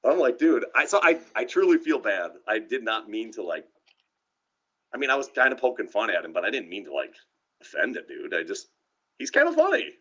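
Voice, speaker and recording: This man's fairly low, husky voice swoops wildly in pitch and sounds a bit bright, and he speaks fairly quickly. As a podcast co-host on a live stream with dull lo-fi audio, he tells a meandering story, laughing and frequently starting sentences over.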